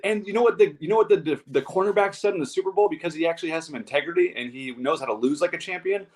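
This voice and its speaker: A man's voice: a little high, racing. A man co-hosting a football talk show, blunt and heated, ranting with profanity. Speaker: sports show co-host. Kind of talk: casual sports talk.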